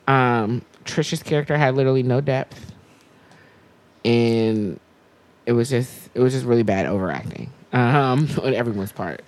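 Animated, low-voiced woman podcast co-host. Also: normal speed. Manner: animated, emphatic, swears freely. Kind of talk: casual chat.

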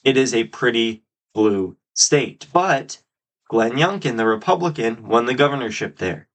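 A man hosting his own podcast, giving solo political commentary with emphatic, drawn-out stresses on key words. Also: medium pitch, lively intonation. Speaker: podcast host.

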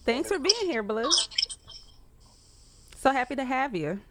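A woman hosting a casual podcast chat, keeping her voice softened and sultry on purpose. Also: sits high, big pitch swings, a little slow. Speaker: podcast host. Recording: heavy background noise and interference.

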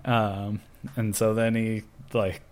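A man in casual chat, talking slowly and rambling with lots of fillers. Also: on the low side, level tone. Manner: slow, rambling, many fillers. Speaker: guest. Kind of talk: casual chat about comic books.

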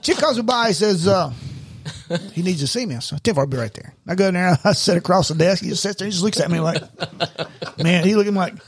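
A man's voice: high voice, a little fast, husky, no echo, studio quality. A middle-aged man, a retired police sergeant, telling stories in casual podcast chat, acting out quotes and laughing often. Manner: animated storyteller, acts out quotes, laughs often.

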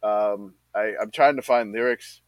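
A man's voice: on the low side, fairly even intonation, unhurried, no echo, rough recording. A man co-hosting a casual sports podcast who rambles through his stories and pokes fun at himself, laughing as he goes. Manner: rambling, self-mocking, laughs while telling stories. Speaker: podcast co-host, league commissioner.

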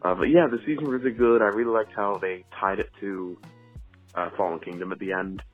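Deep-voiced man rambling in a voicemail. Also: fairly even intonation, a little fast. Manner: chatty, rambling, with many fillers. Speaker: caller leaving a voice message. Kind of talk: casual voicemail review. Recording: dull, muffled phone audio, faint music.

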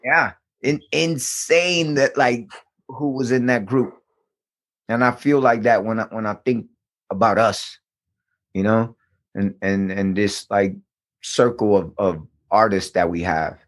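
A man with a fairly low voice tells stories in relaxed conversation. He is animated and swears freely, and he acts out the other people in his anecdotes with voices of their own. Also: measured pace, long pauses. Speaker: guest. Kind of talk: casual storytelling.

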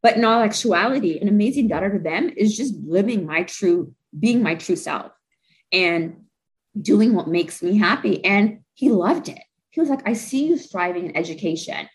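A woman's voice: mid-range voice, expressive, normal speed, rough recording. A young adult woman, a guest in an interview, telling a personal story candidly and with feeling. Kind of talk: interview conversation.

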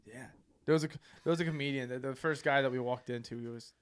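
A young man in his twenties co-hosting a podcast, telling crude stories in a casual, animated way and acting out quotes loudly. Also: medium pitch, fast, clear, resonant tone. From United States. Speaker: podcast co-host. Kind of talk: casual storytelling chat.

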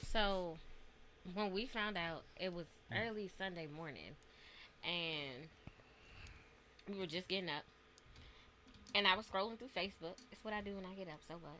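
A woman with a bright, forceful voice tells a personal story in a relaxed podcast chat. She talks earnestly and acts out back-and-forth dialogue as she goes. Her pitch sits a little low. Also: normal speed, pauses often, a little hiss or hum. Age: adult parent.

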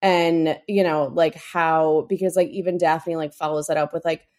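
A woman's voice: deep voice, steady tone, normal speed, a little mellow. A woman, co-hosting a casual TV recap podcast, chatty and swearing freely, with lots of "like" and "um". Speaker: podcast co-host.

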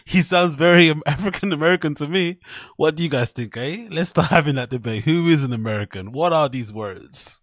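Husky-voiced man rambling on a podcast. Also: fairly high pitch, fairly quick, fairly bright tone, no echo. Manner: loose and profane, with frequent fillers and amused laughter. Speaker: podcast host. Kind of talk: casual solo podcast rambling.

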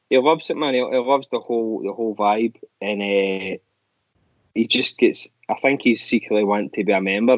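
A man chats as a guest on a podcast, telling stories in a lively, casual way with plenty of restarts. The sound is dry and a bit dull, like a lo-fi recording. His pitch sits in the middle of the range. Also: no echo. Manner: animated storyteller, frequent "man" and restarts. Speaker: band member guest. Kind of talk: casual storytelling chat.

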